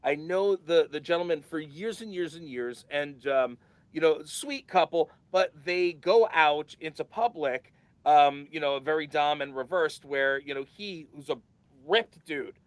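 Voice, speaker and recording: High-voiced hyped male podcast co-host. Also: measured pace, no echo. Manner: excitable, hyped, swears freely. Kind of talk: casual chat.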